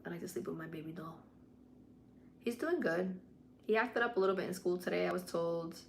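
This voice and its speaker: Lowish-voiced woman chatting on a livestream. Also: animated, brisk, creaky, slight background noise. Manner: mixes english and spanish, swears freely, candid. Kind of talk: casual livestream chat. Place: home at night.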